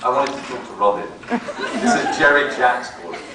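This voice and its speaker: A man's voice: mid-range voice, a little fast, very noisy. A man joking with a fan on a convention panel, teasing and theatrical, calling people darling. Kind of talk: playful live panel banter. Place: large convention hall. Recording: echoey hall, mic far off, loud crowd.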